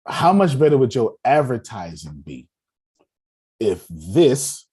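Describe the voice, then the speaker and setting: A man's voice: medium pitch, big pitch swings, slow, a little mellow, breathy edge. A man coaching a group on a call, talking in an emphatic, repetitive, preacher-like cadence. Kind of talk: motivational talk.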